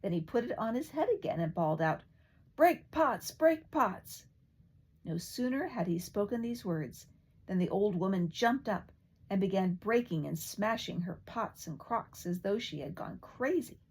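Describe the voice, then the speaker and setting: An older woman reading a fairy tale aloud in a lively, expressive way. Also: mid-range voice, moderate pace, husky. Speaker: storyteller.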